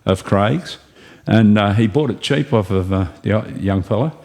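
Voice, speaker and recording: A man's voice: lowish voice, a little slow, a little mellow. An Australian man telling rambling racing anecdotes in a casual interview, often chuckling as he goes. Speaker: guest, racing driver. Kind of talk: casual storytelling chat.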